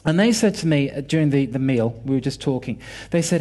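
A man's voice: mid-range voice, expressive, fast, dark tone. A British man in his forties giving a sermon, telling personal family stories and acting out quoted dialogue with animation.

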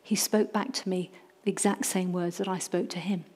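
A middle-aged woman church leader preaching a sermon, animated and humorous, calling on the congregation to repeat key words. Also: lowish voice, moderate pace, slightly rough.

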